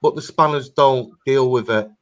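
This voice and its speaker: A man with a mid-pitched voice speaks on a live-stream panel. He insists on being heard and reads chat comments aloud. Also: moderate pace, a bit bright.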